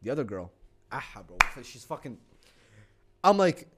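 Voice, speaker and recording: A man's voice: mid-range voice, normal speed, heavy background noise. A young man co-hosting a podcast, telling a story in casual chat, swearing often and acting out what people said. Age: young adult. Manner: animated, swears a lot, acts out quotes. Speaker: podcast co-host.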